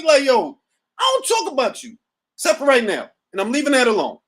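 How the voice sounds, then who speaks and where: A man's voice: extremely high pitch, fairly quick. A middle-aged man hosting a boxing talk show, ranting profanely and casually on a livestream from home. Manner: profane, animated, riffing. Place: at home, seated.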